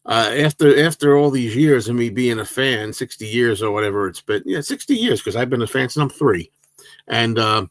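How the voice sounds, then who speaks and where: A man's voice: mid-range voice, creaky, dry recording. Rambling man in his sixties, dry sound. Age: 60s. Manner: rambling, hesitant, many fillers and restarts. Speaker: livestream host. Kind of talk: casual livestream chat answering viewers.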